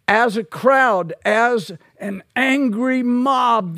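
A male pastor preaching an expository sermon, slow and emphatic, rising to loud peaks on key words. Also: very high-pitched, no room sound, clean studio sound.

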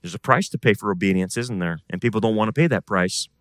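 A man, a pastor, preaching a sermon and swinging between loud emphatic bursts and quiet, intense passages. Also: fairly low pitch, fast, no echo.

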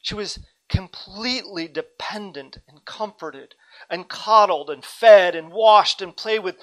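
Bright-voiced man preaching a sermon. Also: sits high, a little slow, low-quality recording. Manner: earnest, dynamic preaching with asides. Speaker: pastor.

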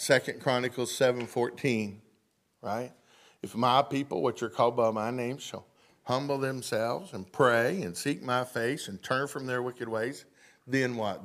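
A man's voice: medium pitch, fairly bright tone. A male pastor, preaching a sermon in church, reading scripture aloud and asking the congregation questions. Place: church sanctuary.

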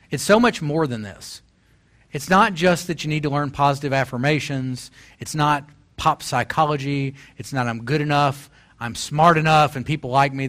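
A man's voice: medium pitch, fairly bright tone. A man in his forties preaching a sermon as pastor, telling stories and building to emphatic exhortation. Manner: storytelling, rising to emphatic exhortation.

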